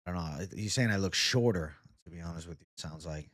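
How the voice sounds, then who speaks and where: A laid-back man hosts a casual livestream with a fairly low voice. He reads chat comments aloud, jokes around and swears offhandedly. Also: fast, a bit bright. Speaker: livestream host.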